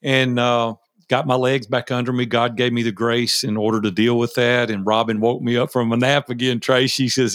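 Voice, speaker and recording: Gravelly-voiced man in his fifties telling stories. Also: mid-range voice, normal speed, few pauses, no echo. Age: 50s. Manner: folksy, animated retelling of conversations. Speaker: guest. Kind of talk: interview storytelling.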